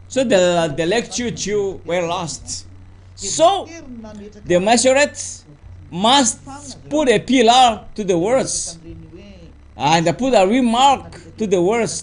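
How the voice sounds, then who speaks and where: A man preaching a teaching sermon in halting English, full of fillers and repeated words. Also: high-pitched.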